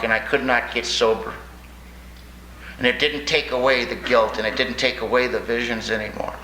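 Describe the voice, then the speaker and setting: A plainspoken older man tells his story to a crowd with folksy, wry humor. His voice is bright and forceful, and it rings out through an echoey hall over a faint background hiss. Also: mid-range voice. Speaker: recovery speaker sharing his story. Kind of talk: storytelling talk to an audience. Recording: echoey room with faint noise.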